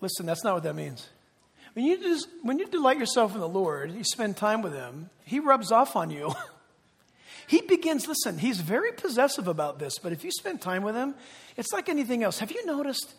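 A man's voice: high-pitched, a bit bright, breathy edge. A man preaching a sermon as pastor, emphatic, prompting the congregation to repeat words back. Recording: long reverb of a large hall.

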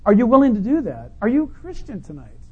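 A male pastor preaching a sermon in a conversational, humorous way, full of rhetorical questions and swinging between loud and quiet. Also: sits high, huge pitch swings, quick pace, phone-quality sound, slight background noise.

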